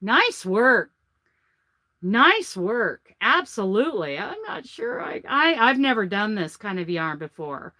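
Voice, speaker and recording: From inside a truck, the host of a crochet vlog talks casually while gushing over handmade gifts. She speaks slowly in a sing-song, medium-pitched voice that's bright and forceful.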